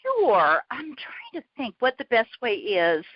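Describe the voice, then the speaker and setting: A woman guest chatting in an interview, lively and self-deprecating, laughing often and a bit out of breath from walking around. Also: fairly high pitch, unhurried, husky, dry recording, highs cut off. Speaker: guest, author and prayer coach. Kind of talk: casual interview chat.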